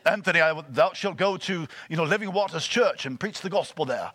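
A man's voice: a little high, expressive, very fast. A man putting on a majestic, solemn male God in a grand old-film manner, commanding in archaic words.

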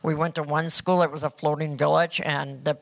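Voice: mid-range voice, level tone, moderate pace, creaky. A person reporting on a church mission trip, talking earnestly and rambling with many fillers. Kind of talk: casual church talk.

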